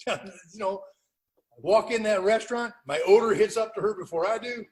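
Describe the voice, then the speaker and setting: A man's voice: high-pitched, normal speed, a little mellow, rough recording. An older man speaking at a recovery meeting over a video call, telling his story in a plainspoken, wry way.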